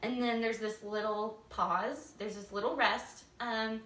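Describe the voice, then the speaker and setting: A woman's voice: on the high side, fairly even intonation, unhurried, fairly bright tone. A woman theater teacher giving casual, enthusiastic stage directions, laughing often. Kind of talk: casual instructional talk. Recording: roomy echo, distant from mic.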